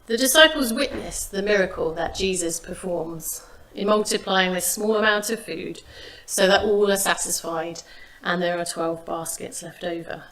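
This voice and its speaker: Woman preaching a measured sermon. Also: lowish voice. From England. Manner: measured, expressive reading of scripture.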